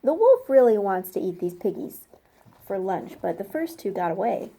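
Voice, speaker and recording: A woman reading a storybook aloud to young children, gentle and slow, asking them questions as she goes. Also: mid-range voice, big pitch swings, slightly rough. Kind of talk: interactive storybook read-aloud.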